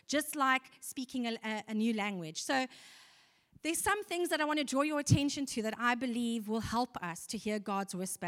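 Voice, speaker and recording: Woman, preacher, slightly high voice, earnest, conversational, long echo of a church hall. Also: a bit bright. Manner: earnest, conversational, with rhetorical questions to the congregation. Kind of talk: sermon.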